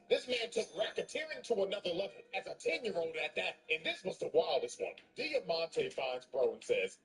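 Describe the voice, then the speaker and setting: A man's voice: sits high, sing-song, moderate pace, few pauses, faint music behind. A young man narrating a comedic story recap in crude, slangy casual speech. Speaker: gaming video narrator.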